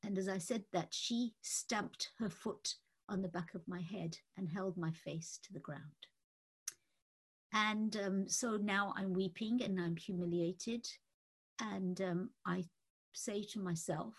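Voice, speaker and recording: A woman telling a personal story in a halting, unhurried way, pausing often. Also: fairly low pitch, husky. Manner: halting, unhurried recounting with frequent pauses and fillers. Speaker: speaker giving a personal testimony.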